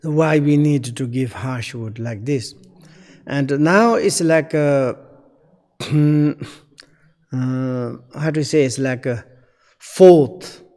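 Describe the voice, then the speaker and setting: A man giving a Dharma teaching in halting, non-native English. He pauses often with fillers while searching for words. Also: mid-range voice, a little mellow, in a large hall. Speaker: Buddhist teacher.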